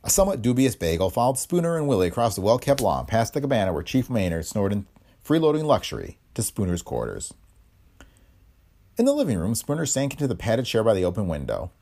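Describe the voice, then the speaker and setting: A man reads a pulp detective story aloud in a low voice. His pitch ranges very widely, giving the narration a measured yet expressive lilt. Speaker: audiobook narrator.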